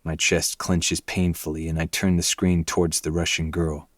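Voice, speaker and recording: A man reading a dark novel aloud in first person, with low, intense, brooding delivery. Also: little pitch movement, normal speed, dry recording, studio quality. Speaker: podcast host reading a novel.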